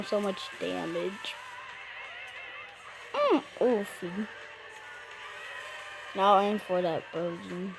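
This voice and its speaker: A woman's voice: mid-range voice, extremely slow, gravelly, pauses often, over music, low-quality recording. A woman giving casual, playful commentary while playing a game, talking to the characters and cracking puns. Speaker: gamer.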